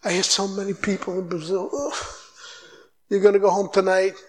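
A man's voice: sits high, normal speed. A man giving a sermon as a guest preacher, exhorting the crowd and acting out short exchanges in his own voice. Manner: exhorting, animated, mimics dialogue.

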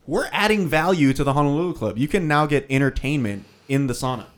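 A man's voice: a little high, quick pace. A young man co-hosting a podcast, signing off in a wry, joking, laid-back way. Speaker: podcast co-host. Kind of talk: casual chat, sign-off.

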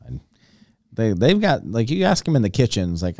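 A man telling lively stories as a podcast guest, laughing often and acting out what other people said. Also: on the low side, normal speed, dry recording, studio quality. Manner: animated, laughing, acts out quotes in other voices. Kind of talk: casual chat, storytelling. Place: small podcast studio. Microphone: studio mic.

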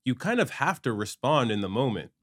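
A man hosting a podcast interview, asking relaxed, conversational questions. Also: medium pitch, a little fast. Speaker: podcast host. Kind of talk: casual interview chat.

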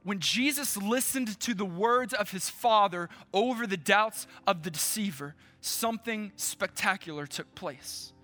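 A male pastor preaching a sermon to his church, slow and emphatic, with dramatic pauses. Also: high voice, bright, forceful tone.

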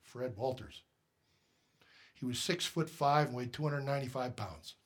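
A male pastor preaches a sermon at normal speed in a medium-pitched voice, emphatic and direct as he fires rhetorical questions at the congregation.

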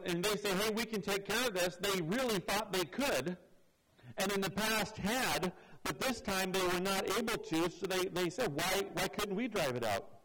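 A man's voice: high-pitched, fairly bright tone, poor audio. A man preaching a sermon, reading scripture verse by verse and acting out the voices of the people in it. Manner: expository preaching, acts out quoted voices. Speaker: pastor.

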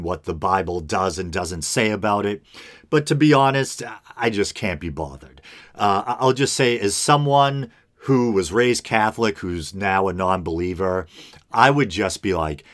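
A man hosting a casual solo podcast, reading news stories aloud with offhand asides and frequent laughs. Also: fairly low pitch. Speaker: podcast host.

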